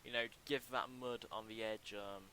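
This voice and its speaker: A young livestreamer building a game mod gives casual commentary while working on a level, his fairly low voice steady yet bright and forceful. He halts often with ums and restarts, speaking close to a desk mic, and the rough recording carries a faint hiss.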